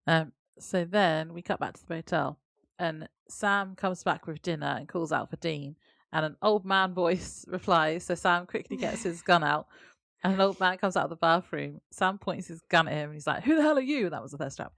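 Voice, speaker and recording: Gravelly low-voiced woman podcast co-host. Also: moderate pace, fairly bright tone, dry recording, clean studio sound. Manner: chatty, trailing off and hedging. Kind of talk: casual episode recap chat.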